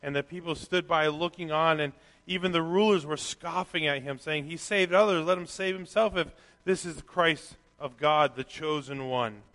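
A man preaching a sermon, reading scripture aloud and swinging from quiet reflection to loud, animated emphasis. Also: on the high side, moderate pace, hardly any pauses. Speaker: pastor. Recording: long hall reverb.

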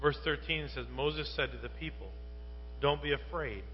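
Man preaching a sermon, fairly high voice, quiet readings breaking into loud questions, long reverb, muffled sound with mains hum. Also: moderate pace. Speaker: pastor.

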